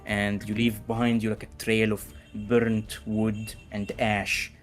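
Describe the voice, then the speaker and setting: A man narrating as game master of a tabletop game, relaxed and full of fillers. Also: fairly low pitch, slow pace, soft background music.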